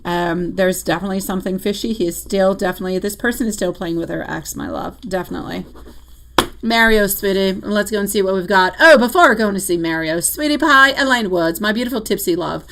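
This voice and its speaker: A woman's voice: fairly quick, poor audio. Chatty, affectionate woman reading tarot live. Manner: affectionate, chatty, calls viewers sweetie and my love; laughs easily, voice jumps high when excited. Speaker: tarot reader. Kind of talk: live-stream chat and readings.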